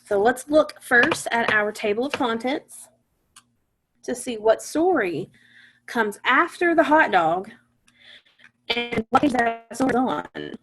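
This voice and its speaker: A woman teaching a phonics lesson to young children, patient and encouraging, sounding out words slowly. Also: on the high side, expressive, a bit bright, slight background noise.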